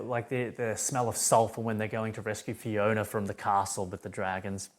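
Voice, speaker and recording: A man's voice: fairly low pitch, flat delivery, brisk, hardly any pauses. A man giving an emphatic, rambling philosophy monologue full of restarts. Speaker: philosophy vlogger. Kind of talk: unscripted monologue.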